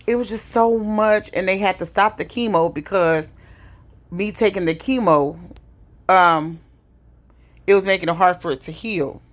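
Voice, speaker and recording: A middle-aged woman retelling a painful family loss in a casual personal story, slowly and heavily, with pauses and sighs. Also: lowish voice. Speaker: vlogger telling her story.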